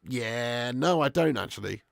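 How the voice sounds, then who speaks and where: A man hosting a live football watch-along, commentating on play and chatting with viewers. He swears a lot and swings between excited shouting and flat grumbling. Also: medium pitch, measured pace, vocal fry, no echo, studio quality. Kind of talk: live match commentary and fan chat.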